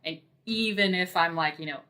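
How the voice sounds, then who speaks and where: A woman's voice: on the low side, bright, forceful tone. A woman guest on a podcast, a dungeon master, talking casually and thoughtfully with lots of fillers. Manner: unhurried, thoughtful, many fillers.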